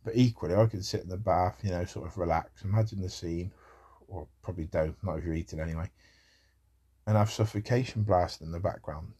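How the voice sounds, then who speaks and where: A man's voice: low voice, a little fast, warm tone, husky. A man talking in a rambling casual monologue about music, with wry asides.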